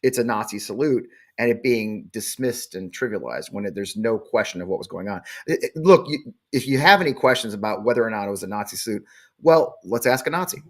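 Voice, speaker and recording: A man's voice: lowish voice, lively intonation, a little fast. A man in his forties hosting a live show, blunt, defiant and profane. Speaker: show host.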